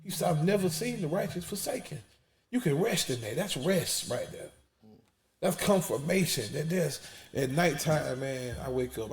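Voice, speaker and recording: Gravelly preaching man in his forties. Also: mid-range voice. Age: 40s. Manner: emphatic, repeats words, drops to near whisper when emotional. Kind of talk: preaching conversational testimony.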